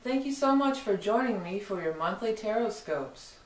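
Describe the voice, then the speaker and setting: A woman's voice: mid-range voice, expressive, normal speed. A woman giving a casual, rambling tarot forecast, with frequent fillers and restarts. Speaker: tarot reader.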